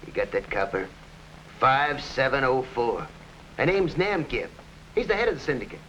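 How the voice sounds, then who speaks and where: An actor playing a ruthless, scheming hired killer in an early TV crime drama, talking tough gangster slang. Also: male voice, mid-range voice, big pitch swings, moderate pace, fairly bright tone. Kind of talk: 1950s TV crime drama acting. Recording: dull old TV soundtrack with faint hiss.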